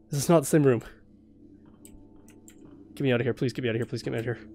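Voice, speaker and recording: A man's voice: medium pitch, steady tone, racing, pauses often, warm tone, soft background music. A young man playing a horror game blind, jumpy and swearing, laughing nervously as he talks through the scares. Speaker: let's play host.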